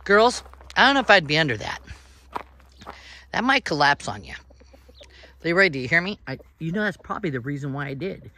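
This woman's low voice swings widely in pitch, brisk yet punctuated by long pauses, bright and forceful. Doing outdoor chores on her small farm, she chats casually to her vlog viewers while scolding and coaxing her chickens, with clucking and birdsong behind her.

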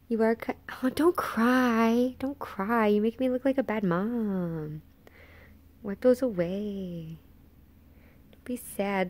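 A woman's voice: mid-range voice, slow pace, no echo. A woman chatting casually to her pet dog on camera, playfully scolding and teasing it. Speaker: dog owner.

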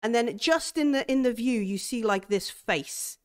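A woman with a fairly high, smooth, clear voice runs a tabletop game. She narrates a horror scene in a halting way, stopping often and restarting her sentences as she searches for the next detail. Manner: halting, full of fillers and restarts. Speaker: game master.

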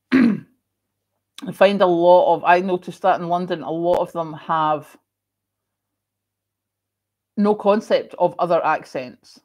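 A woman's voice: on the low side, takes it slowly, pauses often, darkish tone. A middle-aged woman from Scotland with a moderated Scottish accent, hosting a livestream and chatting casually as she reads out viewer comments, with frequent coughs and ums. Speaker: livestream host.

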